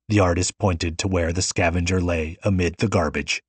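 A man narrates an audiobook in a steady, measured reading. His voice is low and husky, recorded close in a dry room. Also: dry recording.

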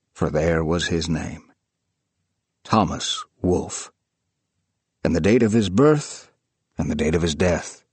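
A man reading a story in measured, descriptive scripted narration. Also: deep voice, breathy edge, no echo.

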